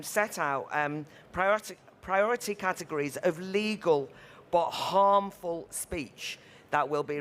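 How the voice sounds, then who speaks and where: A woman's voice: deep voice, fairly bright tone. Impassioned woman giving a speech. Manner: impassioned, emphatic. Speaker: panel speaker. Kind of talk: conference panel speech. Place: conference venue.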